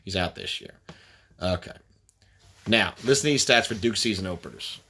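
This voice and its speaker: Blunt, low-pitched man chatting casually. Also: animated, sharp tone, slightly rough. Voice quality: blunt, profane, talks in quick fragments. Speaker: basketball fan breaking down team news. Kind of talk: casual chat.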